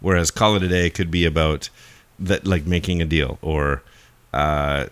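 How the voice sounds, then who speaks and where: A man's voice: very deep voice, fairly even intonation, moderate pace, no room sound. A man co-hosting a casual podcast, rambling and joking and laughing often. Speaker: podcast co-host. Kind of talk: casual chat.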